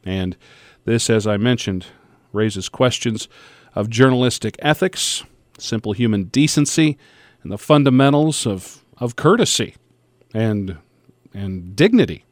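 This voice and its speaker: A man hosting a radio talk show, introducing his guest and reading a statement in a measured, deliberate way with pauses. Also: on the low side, lively intonation, dry recording. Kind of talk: scripted radio hosting and interviewing. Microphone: studio microphone.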